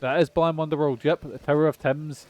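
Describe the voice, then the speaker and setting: Brief: Scottish male streamer, casual rambling chatter with the odd swear, slightly high voice. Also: steady tone, fairly quick, muffled recording. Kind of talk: casual gameplay chat.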